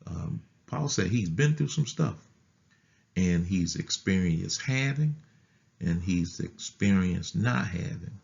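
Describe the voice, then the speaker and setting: A man pastor teaching a Bible study in a deliberate way, often repeating phrases and restarting words. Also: deep voice, lively intonation, vocal fry, a little mellow, lo-fi sound.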